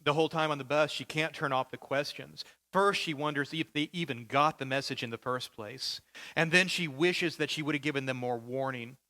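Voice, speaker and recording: Man preaching, bright forceful voice, dramatic storyteller, kinda high. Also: a little fast. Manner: vivid storytelling, dynamic, dramatic. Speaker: pastor. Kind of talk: sermon.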